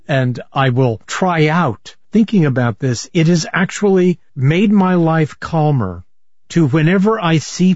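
A man hosting a public radio interview, asking thoughtful, measured questions. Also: on the high side, darkish tone, no room sound, highs cut off.

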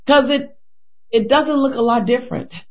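A woman's voice: high-pitched, moderate pace. A woman gives an impassioned interview answer in an earnest voice. She asks rhetorical questions and repeats and restarts words as she builds her point. The recording sounds dull and lo-fi. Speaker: interview guest.

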